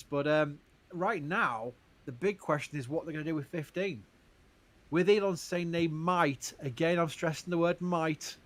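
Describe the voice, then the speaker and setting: A man hosting a live stream, reading out viewer questions and answering carefully, stressing what is uncertain. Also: fairly high pitch. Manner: careful, stresses uncertainty, laughs between points.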